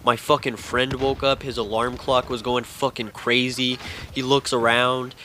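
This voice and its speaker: A man's voice: medium pitch, level tone, unhurried, sharp tone, slight background noise. A young man telling a spooky story to camera in a rambling, casual way, swearing constantly. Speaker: vlogger telling a scary story.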